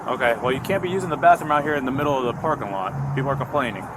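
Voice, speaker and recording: A sheriff's deputy questioning someone in a parking lot in a calm, patient way, recorded on a body camera. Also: mid-range voice, rapid-fire. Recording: noisy outdoor bodycam audio.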